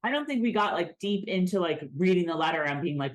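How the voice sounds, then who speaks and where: A woman co-hosting a casual recap podcast, chatty and animated, with frequent restarts. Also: fairly low pitch, fast talker, hardly any pauses. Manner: lively, chatty, with frequent restarts and self-mocking impressions. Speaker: podcast co-host.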